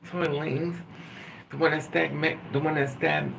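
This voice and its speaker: A man with a slightly high, gravelly voice rambles through a casual vlog monologue, swearing freely and acting out the people in his stories. He sounds set back from the microphone, with loud noise behind him. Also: moderate pace. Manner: rambling, profane, animated storytelling. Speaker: vlogger. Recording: distant mic with loud background noise.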